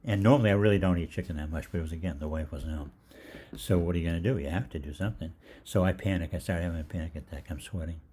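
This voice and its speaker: A man's voice: low voice, racing, husky. An older man rambling through a funny personal story in a casual monologue, acting out both sides of the conversation. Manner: rambling, animated, acts out both sides of the dialogue. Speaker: holistic doctor telling stories.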